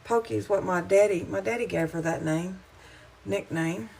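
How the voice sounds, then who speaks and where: A woman's voice: medium pitch, moderate pace, gravelly, darkish tone, a little hiss or hum, poor audio. A middle-aged woman with a Southern American accent, chatting with viewers on a casual cooking livestream, homey and rambling, a little wheezy from hay fever. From Southern United States. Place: home kitchen.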